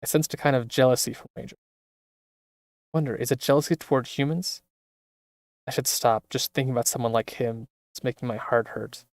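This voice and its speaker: A man reading the quiet inner monologue of a troubled young woman in a video game. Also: mid-range voice, steady tone, brisk, long pauses, dry recording, natural voice. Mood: brooding.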